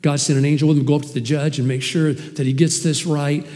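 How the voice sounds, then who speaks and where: A man preaching a sermon as pastor, animated and emphatic, with sudden swings in loudness. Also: fairly high pitch, fast talker, big-room sound. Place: church hall.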